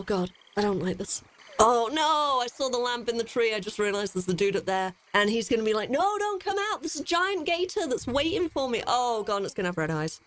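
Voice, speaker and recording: A young woman streaming a horror game, excitable and easily scared, swearing often as she plays. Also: medium pitch. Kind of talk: gaming commentary.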